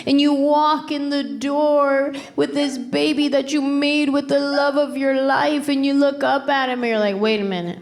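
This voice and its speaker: A middle-aged woman doing stand-up comedy on stage through a handheld mic, telling her stories in an exasperated, animated, playful way. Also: high-pitched, unhurried, hardly any pauses. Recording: live comedy show with laughing crowd. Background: audience laughter and applause.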